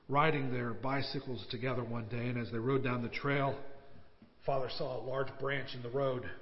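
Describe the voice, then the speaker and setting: A male pastor preaching with earnest conviction, often sinking to a near-hush. His voice trails a long reverb through a church sanctuary. The sound is dull and lo-fi. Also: mid-range voice. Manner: earnest, drops to a hush at key points. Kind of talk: sermon.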